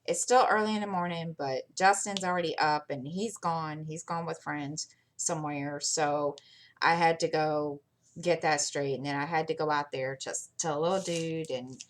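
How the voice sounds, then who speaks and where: A woman's voice: low-pitched, steady tone, moderate pace, slight background noise. Rambling chatty middle-aged woman. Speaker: channel host. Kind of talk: casual chat while crafting.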